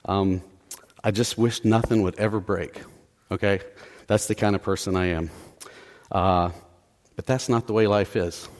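This middle-aged preacher speaks low and unhurried, with fairly even intonation and frequent pauses. Addressing a church sanctuary conversationally, he teases himself, checks on the congregation, and repeatedly asks them "okay?"

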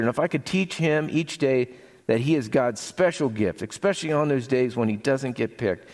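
A man reading the part of a loving mother elephant in a children's story, soft and warm. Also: medium pitch, voice pushed up, natural voice.

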